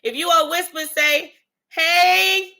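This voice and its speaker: A woman's voice: fairly high pitch, measured pace, bright, forceful tone. A woman from the Bronx hosting a casual livestream, chatting and greeting viewers by name. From the Bronx, New York. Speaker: livestream host.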